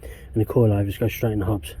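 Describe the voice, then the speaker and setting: A man's voice: lowish voice, little pitch movement, fairly quick, background noise. An English man vlogging casually while working on his van outdoors, rambling and swearing often in a laid-back way. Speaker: DIY van customizer vlogger.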